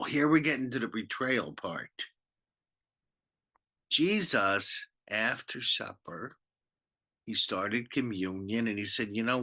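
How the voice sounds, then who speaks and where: Animated pastor telling a children's Bible story, slow and bright. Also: male voice, fairly low pitch. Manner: animated, slow, acts out the characters.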